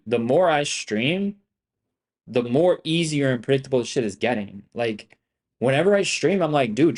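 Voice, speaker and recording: A man's voice: fairly low pitch, darkish tone. Profane, rambling man streaming trades. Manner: rambling, profane, boastful and repetitive. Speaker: live-streaming options trader. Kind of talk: casual live-stream talk to chat.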